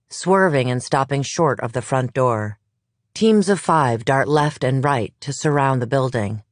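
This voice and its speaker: An audiobook narrator reading a crime thriller in measured, even storytelling, close to the mic. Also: mid-range voice, no room sound. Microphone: close studio mic.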